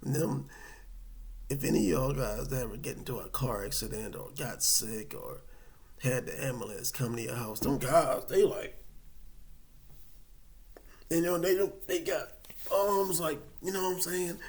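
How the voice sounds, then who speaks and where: A man telling a personal story to camera in a casual, animated, rambling way. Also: mid-range voice, unhurried, vocal fry, pauses often. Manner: animated, colloquial, rambling with restarts.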